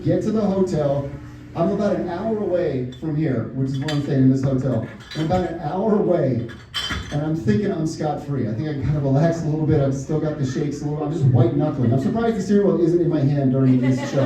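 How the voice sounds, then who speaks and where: A man doing live stand-up, telling a story in an excitable, self-mocking way with swearing. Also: sits high. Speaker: stand-up comedian. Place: comedy club stage with audience. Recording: echoey club sound from far off with audience laughter.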